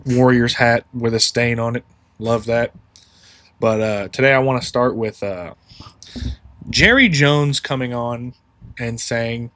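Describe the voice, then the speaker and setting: A man's voice: mid-range voice, measured pace, a bit bright. A man hosting a solo sports podcast, ranting heatedly and swearing freely.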